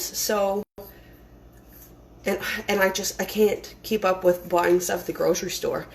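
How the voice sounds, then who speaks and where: A woman's voice: on the low side, creaky, slight background noise, rough recording. A woman giving a casual, rambling cooking demonstration in her home kitchen, chatting as she works with lots of fillers and restarts.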